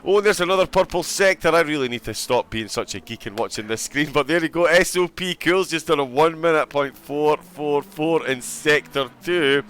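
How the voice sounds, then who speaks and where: A man commentating on an online sim racing qualifying session, excitable and joking. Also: on the high side, clean tone. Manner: excitable, fast-talking, joking.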